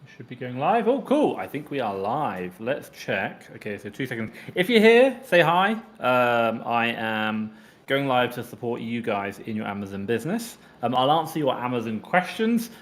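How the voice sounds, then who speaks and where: A man's voice: medium pitch, sing-song, normal speed, fairly bright tone. A man hosting a casual live question-and-answer stream, chatty, breaking off mid-sentence and reading viewer comments aloud. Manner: chatty, self-interrupting, reads comments aloud.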